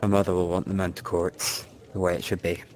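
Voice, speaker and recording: A man's voice: deep voice, level tone, fast, darkish tone, close to an everyday voice. A man voicing a large male centaur who speaks in terse, subdued sentences. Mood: subdued grief. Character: large male centaur, grieving but steady.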